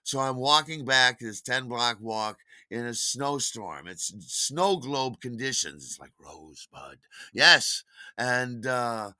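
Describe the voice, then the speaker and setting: Guy telling a funny story on his podcast, pitch bouncing all over, really dry close sound. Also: slow pace, dry recording. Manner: animated, acts out other people's lines. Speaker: podcast host. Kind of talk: comic anecdote storytelling.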